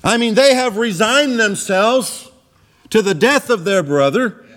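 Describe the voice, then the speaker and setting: Speaking a little slowly with lively intonation and a fairly bright tone, a man delivers a sermon in church. His scripture retelling features dramatic rises and drops in pitch.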